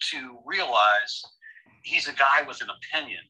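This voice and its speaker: Opinionated American man, bright husky voice. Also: medium pitch, a little slow, highs cut off. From United States. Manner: opinionated, joking, many restarts. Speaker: podcast co-host. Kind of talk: casual chat.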